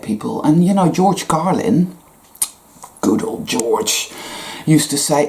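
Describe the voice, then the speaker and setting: A woman's voice: sits low, expressive, slow pace, a little mellow. A woman giving a casual monologue as a spiritual vlogger, blunt, profane and sarcastic.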